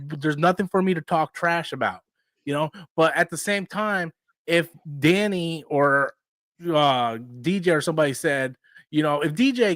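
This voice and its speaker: A man's voice: a little high, fairly bright tone, no echo. A man in his forties hosting a casual live stream, ranting animatedly and swearing freely. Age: 40s.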